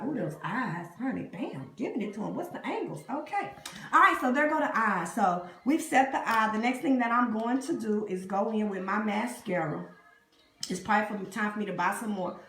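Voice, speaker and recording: A woman's voice: mid-range voice, echoey room. A woman hosting a live makeup tutorial, chatting with viewers and calling them y'all and honey. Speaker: beauty vlogger. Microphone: phone camera up close.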